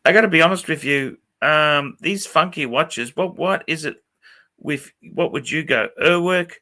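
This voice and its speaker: A man hosting a casual livestream, swearing constantly and getting excited as he chats. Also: a little high, a little slow. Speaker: livestream host.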